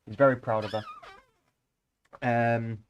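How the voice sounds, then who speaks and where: A man's voice: mid-range voice, little pitch movement, takes it slowly, highs cut off, a little hiss or hum. A man streaming a casual read-aloud of a novel, breaking off into rambling, joking asides between passages.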